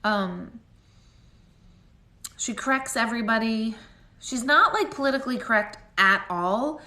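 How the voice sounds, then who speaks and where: A woman's voice: on the high side, lively intonation, measured pace, bright, forceful tone. Chatty woman medium in a roomy space. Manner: chatty, rambling, heavy use of "like". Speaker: intuitive medium. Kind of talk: live-stream psychic reading.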